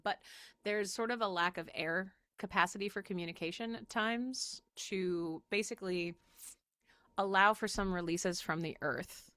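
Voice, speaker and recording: A woman's voice: medium pitch, a bit bright, dry recording. A woman with a Southern US accent, chatting to camera in a rambling way and laughing often, sick and exhausted. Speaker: spiritual channel host. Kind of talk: casual talk to camera.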